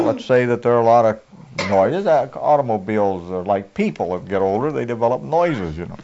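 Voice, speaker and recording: A man's voice: mid-range voice, darkish tone. A man preaching a conversational sermon in a folksy, homespun way, often chuckling as he talks. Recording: dull lo-fi recording.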